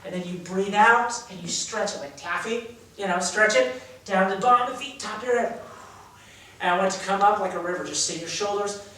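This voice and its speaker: A man with a high, slightly fast, pushed and bright voice teaches a class of young actors, energetically explaining exercises and acting out emotions. He's recorded by a camera mic across a large, echoey room, so he sounds distant and reverberant.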